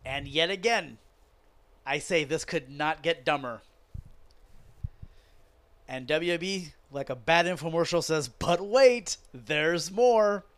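A man hosting a podcast, ranting sarcastically and profanely about wrestling in a casual, animated way. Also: a little high, unhurried, pauses often. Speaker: podcast host.

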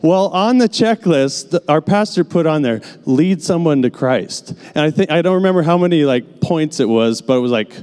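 A man's voice: a little high, animated, moderate pace, few pauses, darkish tone, smooth. A man preaching a sermon as a casual story, full of fillers like "like" and "you know.". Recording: long hall reverb.

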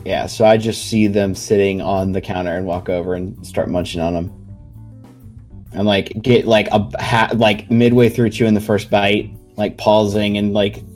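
Laid-back low-voiced man at a game table. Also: steady tone, normal speed, a little mellow, faint music behind. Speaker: player. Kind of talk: narrating his character's actions at a tabletop game.

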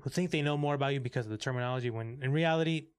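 Swearing, animated young man reviewing movies. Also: mid-range voice, rapid-fire, smooth, no room sound, clean studio sound. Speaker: podcast co-host. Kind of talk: casual movie review chat.

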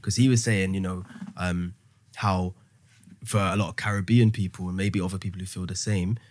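Low-voiced reflective man, faint hiss. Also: steady tone, moderate pace, darkish tone. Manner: reflective, tentative, many likes and you knows. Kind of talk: casual discussion.

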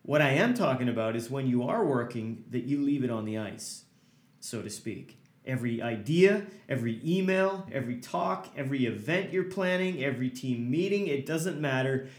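A man's voice: mid-range voice, expressive, moderate pace, echoey room. A man hosting a motivational podcast as a hockey coach, talking earnestly and hammering points home with repeated lists.

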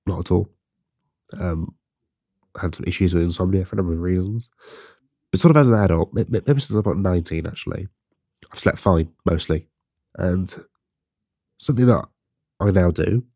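A man's voice: sits low, mellow, husky, no room sound, studio quality. A young man hosting his own podcast, rambling casually and swearing. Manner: chatty and swearing, with rambling asides. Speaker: podcast host. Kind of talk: casual solo podcast monologue.

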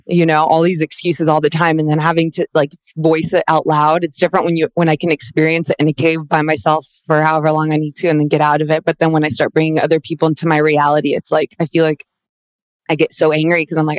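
A woman's voice: deep voice, completely flat delivery, fast, dry recording. Emotional woman talking candidly, dry sound. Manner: emotional, rambling, frequent restarts. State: near tears. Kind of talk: candid personal chat.

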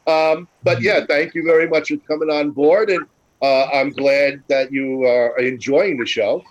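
A man's voice: on the high side, fairly even intonation, unhurried, lo-fi sound. A man hosting a podcast, introducing guests in an easygoing way. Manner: easygoing, laughs between lines. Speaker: podcast host. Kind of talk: casual podcast chat.

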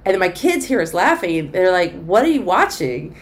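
A middle-aged woman comedian telling a long story in a conversational interview, animated and acting out the voices of the people she quotes. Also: fairly low pitch, moderate pace.

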